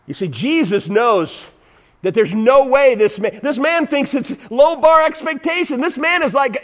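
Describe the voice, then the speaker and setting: A man preaching a sermon as pastor, animated and acting out voices, with sudden loud whoops. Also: high voice, moderate pace.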